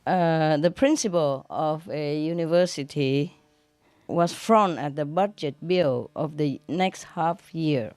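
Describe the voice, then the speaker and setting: Slow, giggling woman telling jokes. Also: sits low, a little mellow, no echo. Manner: laughs often at her own jokes; uses non-standard English grammar.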